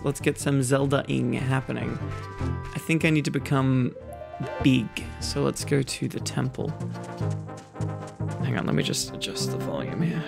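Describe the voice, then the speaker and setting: A host giving relaxed, rambling ASMR gameplay commentary, low energy and self-mocking, with game music behind. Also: vocal fry. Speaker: gaming channel host. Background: video game music.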